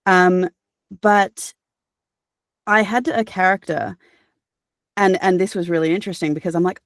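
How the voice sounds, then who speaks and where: An Australian woman, a voice actor and audiobook narrator, answering interview questions in a chatty, animated way with fillers and restarts. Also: on the low side, fairly quick, no echo, studio quality.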